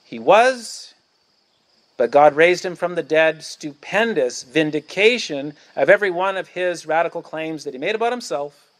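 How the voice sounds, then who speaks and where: A man's voice: fairly high pitch, animated, moderate pace. A male pastor preaching a sermon outdoors at a church picnic, emphatic and declamatory, hammering points through repetition.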